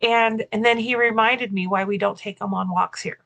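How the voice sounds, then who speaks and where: A woman's voice: mid-range voice, fairly even intonation, normal speed, gravelly, fairly bright tone, rough recording. A woman co-hosting a podcast, telling a story in casual chat, full of fillers and restarts. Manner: chatty, many "like" fillers and restarts. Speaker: podcast co-host and keynote speaker.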